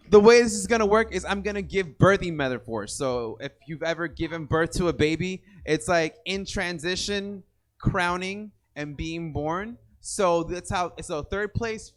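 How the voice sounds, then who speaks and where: A man's voice: a little high, lively intonation, normal speed. A young man emceeing a poetry slam in a loose, rambling, joking way, hyping the crowd. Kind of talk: casual emcee banter to a live crowd. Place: indoor poetry venue with audience.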